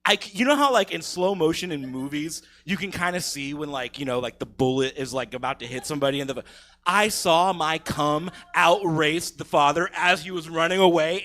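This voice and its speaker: A young man spins a crude story for a live comedy crowd. He swears freely and laughs at his own lines. His voice is bright and forceful. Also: on the high side, moderate pace. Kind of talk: profane stand-up storytelling. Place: live comedy theater stage.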